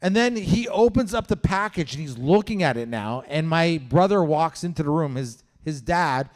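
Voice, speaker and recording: Lively Canadian stand-up comic. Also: male voice, on the high side, moderate pace. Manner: animated storytelling, swearing, acts out voices. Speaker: stand-up comedian. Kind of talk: stand-up comedy set. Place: comedy show venue with live audience.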